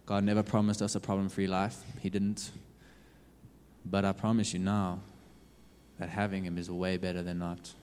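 A man preaching a sermon, earnestly urging his listeners with lots of repetition, swinging from loud to hushed. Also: low voice, flat delivery, moderate pace, a little hiss or hum. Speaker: youth preacher. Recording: long reverb of a hall.

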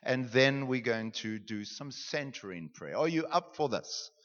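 A man's voice: mid-range voice, expressive, measured pace, fairly bright tone. A young man, a pastor leading a class through a guided meditation lesson in a joking, conversational way. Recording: dull, reverberant hall.

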